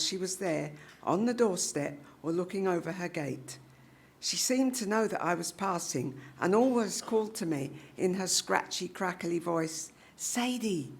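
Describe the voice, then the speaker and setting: A woman reading a children's short story aloud at a public reading, in an animated, expressive style with voiced characters. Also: on the low side, vocal fry. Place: live literary reading event.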